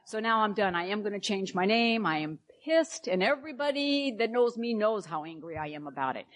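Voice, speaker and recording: A woman's voice: medium pitch, big pitch swings, fairly quick. Candid woman telling a wry story. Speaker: speaker sharing at a recovery meeting. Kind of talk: personal storytelling share.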